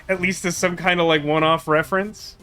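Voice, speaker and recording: A man's voice: fairly high pitch, fairly even intonation, moderate pace, bright, forceful tone. A man giving casual, rambling, joking commentary as he plays a game. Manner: joking, rambling, self-deprecating. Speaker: let's play host. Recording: faint game music behind.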